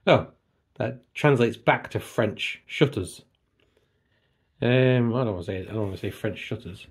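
A man's voice: medium pitch, unhurried, pauses often, slightly rough. A man chatting casually on a book vlog, wandering off on tangents and poking fun at himself, recorded at home by his computer. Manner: chatty, digressive, self-deprecating. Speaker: book vlogger. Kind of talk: casual chat.

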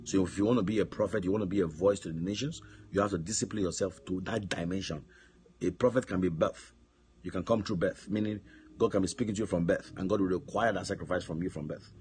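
Deep-voiced man preaching a sermon. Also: steady tone, fast, a little hiss or hum. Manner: storytelling preacher who shouts commands and repeats words.

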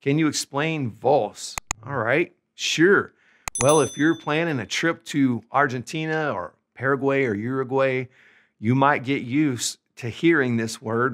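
A man from the United States giving an upbeat, conversational online language lesson, slowing down to stretch out example words. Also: medium pitch, fairly bright tone. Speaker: language teacher.

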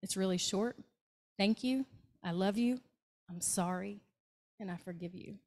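A woman's voice: mid-range voice, a little slow. A woman with a Southern US accent gives a talk to a club meeting. She tells stories about her hospice patients in an easy, conversational way and acts out what each person said. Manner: warm anecdotal storytelling with acted quotes. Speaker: hospice nurse speaker. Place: meeting room, hybrid meeting.

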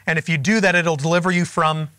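A man's voice: a little high, fairly even intonation, fast, bright, forceful tone, no echo. A man teaching a group Bible study, explaining verses and asking the room questions in a conversational way.

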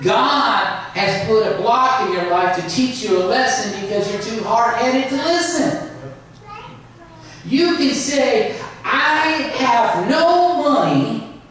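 A pastor preaching a sermon with emphasis, drawing out some phrases slowly. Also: male voice, high-pitched, a bit bright. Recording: echoey hall, mic far off.

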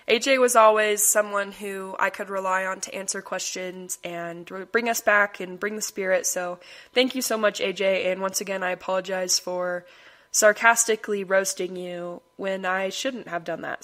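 A woman's voice: mid-range voice, normal speed, fairly bright tone. A young woman hosting her own podcast, talking casually and rambling, often breaking into laughter. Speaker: podcast host. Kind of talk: casual solo podcast monologue.

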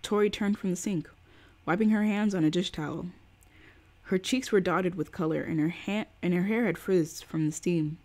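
Female streamer with a low-pitched voice, reading a novel aloud, chatty between passages. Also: normal speed, darkish tone. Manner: casual, slangy asides to chat between passages. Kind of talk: live-stream book reading.

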